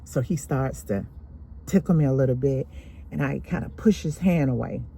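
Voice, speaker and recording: A woman slowly and deliberately telling a painful personal story from her childhood. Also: rumbling low, vocal fry, dark tone, slight background noise. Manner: slow, deliberate, emotional retelling.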